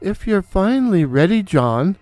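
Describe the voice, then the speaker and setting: A man voicing a sweetly sinister mother who is secretly a night floater, speaking in a quiet croon. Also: sits high, sing-song, unhurried, no room sound, faint music behind.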